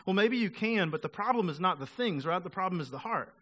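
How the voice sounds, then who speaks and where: Male pastor, casual sermon delivery, bright tone, slightly high pitch. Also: fast talker, hardly any pauses. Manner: casual, conversational preaching, acts out quoted voices.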